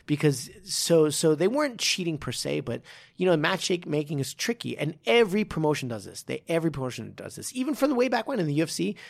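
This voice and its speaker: A man with a strongly gravelly voice talks casually on a podcast, circling his points with restarts and quick laughs. His pitch moves around a lot as he goes. He sounds like a coach talking shop. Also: big pitch swings. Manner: rambling, many restarts and fillers, laughs often. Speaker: podcast co-host, martial arts coach.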